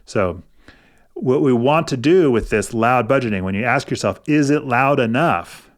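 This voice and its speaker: A middle-aged man talks to the camera about money in a relaxed, unhurried way. His voice sits at an ordinary pitch. He coaches gently and often pauses and restarts his sentences as he thinks. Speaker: personal finance video host. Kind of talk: casual explanatory talk to camera.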